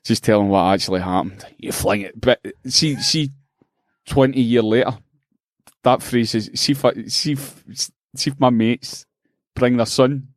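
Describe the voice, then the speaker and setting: A Scottish man in middle age spins comic stories on a podcast, jumping into voices for everyone in them and swearing as he goes. His voice sits at an ordinary pitch and is picked up dry and close to the mic. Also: a little slow, no echo. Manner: animated storyteller, swears freely and acts out voices. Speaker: podcast co-host. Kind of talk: casual comedic chat.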